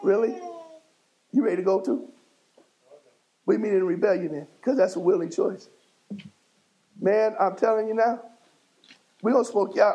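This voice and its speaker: A man delivers a fiery sermon from the pulpit of a church, speaking. His voice sits high for a man and carries a gravelly edge, and he pushes his congregation with call-and-response and sudden shouts. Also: moderate pace, long pauses, rough recording. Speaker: bishop preaching. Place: church sanctuary.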